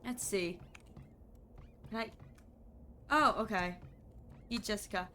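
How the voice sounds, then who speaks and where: A woman's voice: medium pitch, takes it slowly, long pauses, pushed and bright. A woman streamer playing a game, thinking aloud in a playful, casual way. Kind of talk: casual game commentary reading game text.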